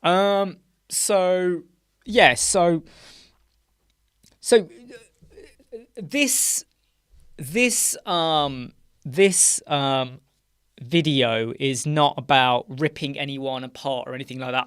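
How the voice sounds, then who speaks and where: A man's voice: on the high side, takes it slowly, pauses often, a bit bright, clean tone, no echo, studio quality. A British man hosting a casual live chat stream, rambling through filler words and often ending points with "right?". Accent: British English. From United Kingdom. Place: small dark room with sound panels.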